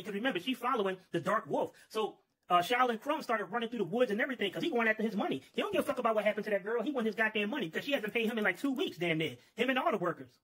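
Man, comic storyteller, rambling, profane, high voice, husky. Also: animated, rapid-fire, fairly bright tone.

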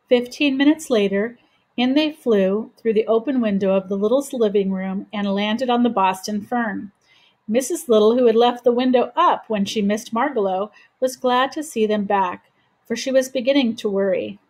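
A woman reading a children's chapter book aloud in a gentle, steady voice. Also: fairly high pitch. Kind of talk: children's storybook read-aloud.

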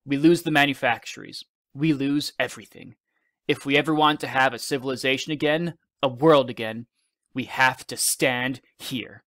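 A steady fighter-pilot father, as a male reader puts him on, speaking low and earnest with a gravelly edge. The reading is dry and close, with no room sound. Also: normal speed, no echo, lightly acted. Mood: resolute.

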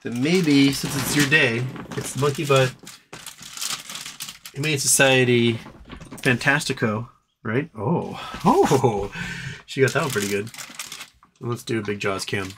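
This livestream host takes his time, pausing often, while background noise sits under his voice. He's rambling and jokey, reading the chat and switching to a high baby voice whenever he talks to his dog.

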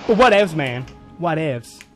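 Excitable high-pitched man gaming. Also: unhurried, soft background music, poor audio. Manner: excitable, swears, shouts and laughs at the game. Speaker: gameplay commentator. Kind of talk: let's play commentary.

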